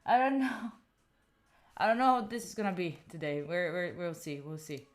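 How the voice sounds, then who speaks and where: With a fairly low pitch and moderate pace, this streamer from Italy, a native Italian speaker, chats casually with her audience. She thinks aloud while setting up and addresses chat directly.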